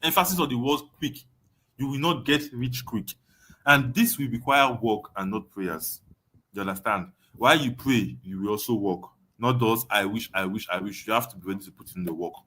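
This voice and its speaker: This online course tutor, a young adult Nigerian man, has an animated, mid-range voice with a sharp tone and moderate pace. Running a webinar, he stresses his points forcefully, goes over them repeatedly, and keeps checking "you understand?".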